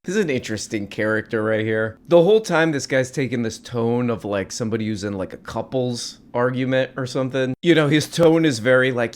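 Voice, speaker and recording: A man's voice: medium pitch, brisk, hardly any pauses. A man hosting a reaction video, making casual, wry and sarcastic commentary over clips. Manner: wry, sarcastic, playful jabs.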